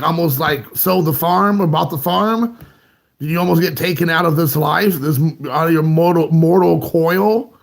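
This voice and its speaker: Gravelly high-voiced guy rambling on his live stream, chatting away with viewers. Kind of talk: casual live-stream chat.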